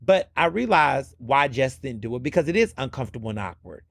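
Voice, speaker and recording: A man hosting a podcast, recapping a reality show in casual, animated commentary and slipping into the voices of the people he quotes. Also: medium pitch, a little fast, gravelly, dry recording, studio quality. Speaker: podcast host.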